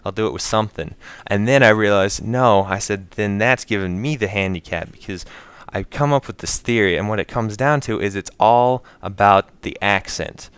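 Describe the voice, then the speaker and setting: Rambling American guy, low and smooth. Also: normal speed, fairly bright tone, no echo. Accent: General American. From United States. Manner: rambling, laughs often. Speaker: channel host. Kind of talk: casual late-night chat.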